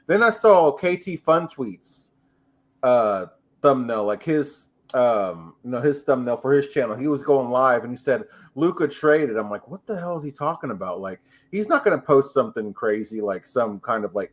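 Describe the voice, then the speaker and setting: A man hosting a sports podcast, telling a story in a relaxed way with pauses and fillers. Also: mid-range voice. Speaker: podcast host. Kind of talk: casual sports chat.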